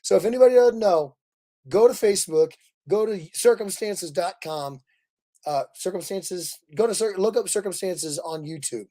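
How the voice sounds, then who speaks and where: Excitable man chatting on a livestream. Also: high voice, normal speed. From Kansas City, Missouri. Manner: animated, laughing, rambling storyteller. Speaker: livestream host. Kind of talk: casual livestream chat.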